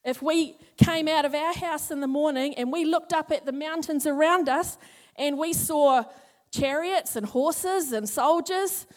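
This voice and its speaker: A woman teaching a Bible passage in a chatty, animated sermon, acting out the characters as she goes. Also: sits high, measured pace.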